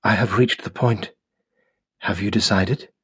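A man voicing a calm, murmuring female robot. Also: fairly low pitch, measured pace, slightly rough, no echo, clean studio sound, heavily acted. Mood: tender. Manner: soft, murmuring. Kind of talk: audiobook character voice.

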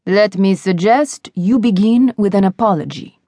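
A woman narrator voicing a powerful, intimidating man who speaks softly and calmly in a deep, husky voice with controlled menace. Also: moderate pace, no room sound, close to an everyday voice. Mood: cold.

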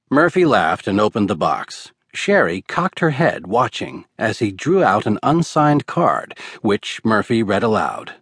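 A man narrating an audiobook in a measured, steady storytelling manner. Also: on the low side, slightly rough, no echo, clean studio sound. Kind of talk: scripted narration.

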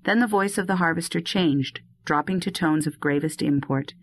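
A woman narrating an audiobook of a classic novel in a measured, steady way, close to the mic. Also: low-pitched, slightly rough, no echo.

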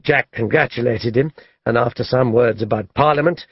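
A man reading an audiobook as narrator in a measured, even storytelling manner. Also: medium pitch, slightly rough. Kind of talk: scripted narration. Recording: dull lo-fi dry studio audio.

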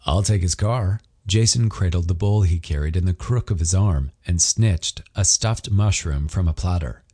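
Deep, husky male audiobook narrator. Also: normal speed. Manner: expressive storytelling. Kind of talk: scripted narration.

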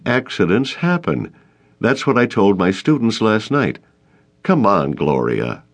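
A man's voice: fairly low pitch, big pitch swings, a little slow, slightly rough, pitched above the performer's own voice, exaggerated voice. A man reading an audiobook, voicing a stubborn young male teacher who speaks firmly and reasonably. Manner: firm, reasonable.

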